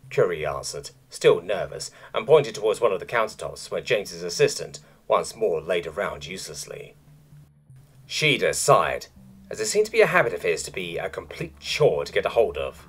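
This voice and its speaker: A male narrator reads a story aloud with a lowish voice and very lively, wide-ranging pitch. Soft music sits faintly behind his expressive, scripted delivery. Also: moderate pace.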